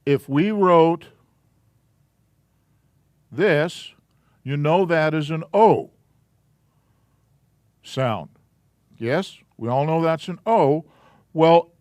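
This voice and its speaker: A man teaching a Hebrew alphabet class in a church classroom, explaining slowly and casually. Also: on the high side, lively intonation, a little mellow, no echo.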